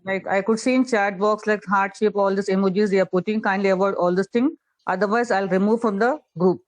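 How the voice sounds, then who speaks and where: A woman's voice: mid-range voice, steady tone, a little fast. A woman moderating an online class, firm and strict as she sets the rules. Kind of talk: group announcement. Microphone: video call.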